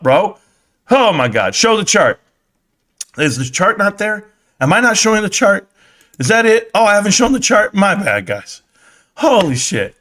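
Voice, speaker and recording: Profane rambling man with a high voice. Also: animated, fairly quick, sharp tone. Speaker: live-stream stock commentator. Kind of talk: casual live-stream rant.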